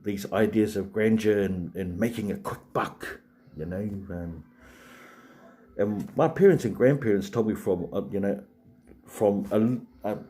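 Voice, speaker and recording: A rambling man in his late forties chats to his live stream viewers, his voice sitting low and sounding warm and relaxed. He wanders through his sentences, full of ums and restarts. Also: unhurried. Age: 40s. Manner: rambling, chatty, many fillers and restarts.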